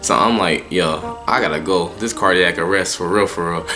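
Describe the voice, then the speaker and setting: A man's voice: low voice, normal speed, over music. A young man telling a personal story in a casual, profane monologue, full of slang and stumbling restarts. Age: young adult.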